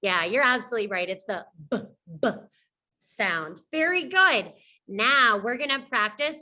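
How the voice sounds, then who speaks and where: A woman's voice: medium pitch, sharp tone. A young woman teaching a phonics lesson to young children, encouraging them and singing simple letter-sound songs. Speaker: pre-K teacher.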